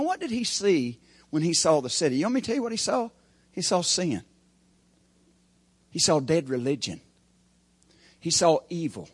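A husky-voiced male preacher gives a sermon, repeatedly engaging the congregation with rhetorical questions. His call-and-response delivery rises and falls, moving between loud, emphatic builds and quiet, low asides.

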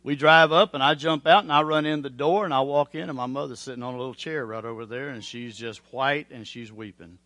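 Middle-aged preacher, bright forceful tone, dry close mic; moves between quiet pleading and loud storytelling. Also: male voice, medium pitch, a little fast, hardly any pauses, dry recording. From Oklahoma. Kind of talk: sermon with altar call and personal story.

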